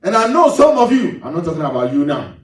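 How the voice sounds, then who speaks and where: High-voiced preacher in an echoey hall. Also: male voice, very animated, fast talker. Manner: preaching with sudden pitch swings, mimicking congregants. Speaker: pastor. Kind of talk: sermon. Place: large church hall. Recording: echoey hall, mic at a distance.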